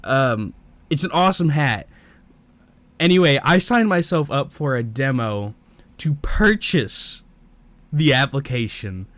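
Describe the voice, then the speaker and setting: A young man chatting casually as a podcast co-host, his pitch swinging widely as he tells a story. He laughs often and slips into the voices of the people he quotes, in an easy, rambling way. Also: lively intonation, a little slow, long pauses, fairly bright tone, no room sound. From Indiana. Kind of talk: casual chat.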